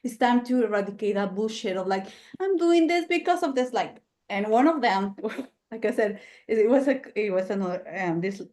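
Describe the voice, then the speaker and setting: A woman hosting a podcast interview, talking in a heated, animated way and swearing freely. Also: mid-range voice, moderate pace. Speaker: podcast host. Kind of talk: casual interview chat.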